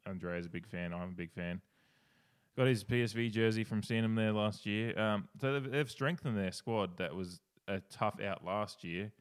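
Laid-back Australian man, lower voice. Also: moderate pace, clean tone. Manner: laughs often, swears casually, rambling. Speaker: podcast co-host. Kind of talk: casual podcast chat.

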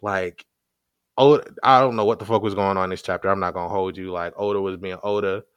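A man with a lowish voice talks on a podcast in a relaxed, slangy way. He recaps excitedly and often breaks into laughter. His voice sounds dry and close, with no room around it. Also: fast talker, clean tone, dry recording. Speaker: podcast co-host. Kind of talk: casual chat.

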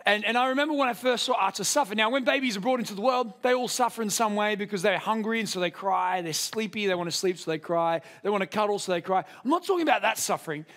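Animated, high-voiced preacher. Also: male voice. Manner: animated, self-deprecating humor. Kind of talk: sermon with storytelling.

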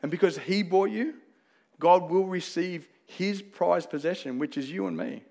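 A man's voice: sits high, normal speed, vocal fry, darkish tone. A man with an Australian accent preaching a sermon, earnest and conversational, weaving in personal stories. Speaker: pastor.

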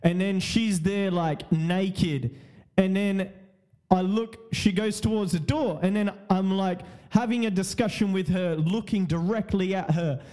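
A man with a high-pitched yet mellow voice tells a story in a loose, rambling way. He repeats himself, swears casually and breaks into laughter often. His pace is unhurried. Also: steady tone. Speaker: podcast host.

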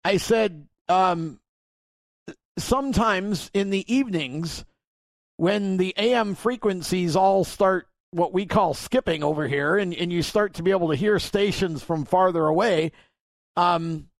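A man's voice: high voice, unhurried, vocal fry, no echo. A man hosting a podcast, telling a long story in a rambling way with many restarts and acting out both sides of phone calls. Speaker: podcast host. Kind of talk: casual storytelling.

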